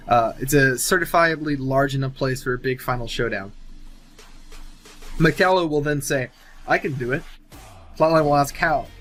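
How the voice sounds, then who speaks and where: A man's voice: medium pitch, fairly bright tone. A man casually narrating an imagined film sequel, thinking aloud with many fillers and restarts. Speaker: movie sequel writer.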